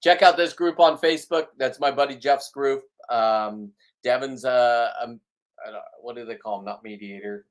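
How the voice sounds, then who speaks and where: A man's voice: mid-range voice, moderate pace. A middle-aged man, ranting bluntly to his viewers in a rambling, riled-up monologue full of restarts. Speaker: vlogger. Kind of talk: ranting casual monologue to camera.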